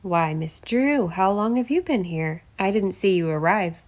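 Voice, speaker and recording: A woman reading an audiobook and voicing a middle-aged male congressman who is charming but quick to anger. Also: mid-range voice, a little mellow, close to an everyday voice. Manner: charming, then defensive. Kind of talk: audiobook character voice.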